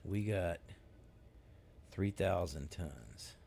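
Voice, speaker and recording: Gravelly low-voiced man rambling. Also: lively intonation, very slow, a little mellow, a little hiss or hum. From United States. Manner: rambling, laid-back, many fillers. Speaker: game streamer. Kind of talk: casual live-stream chat while gaming.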